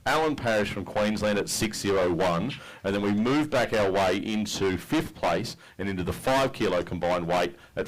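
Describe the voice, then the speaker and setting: A man's voice: sits low, rough recording. An Australian man emceeing an outdoor fishing tournament weigh-in, chatting in a matey, upbeat way with each angler as he reads out their weights. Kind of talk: live weigh-in commentary. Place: outdoors at a boat ramp.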